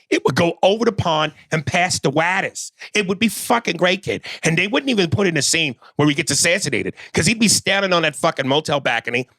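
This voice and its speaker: A man putting on a brash, foul-mouthed sports fan from Boston with a thick Boston accent, ranting loudly. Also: a little high, no room sound, voice pushed up. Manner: loud, swearing, boastful rant.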